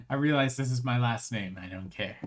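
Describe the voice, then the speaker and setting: The streamer's voice sits at medium pitch and sounds strained, with the throat cleared again and again. The chat is casual, rambling, and full of restarted phrases.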